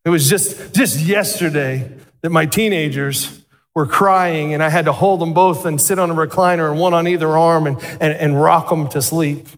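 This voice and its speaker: A middle-aged man preaches from the pulpit in a high-set voice, animated and quick to turn questions on his congregation. His words ring out with the long reverb of a large sanctuary. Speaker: pastor. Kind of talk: sermon.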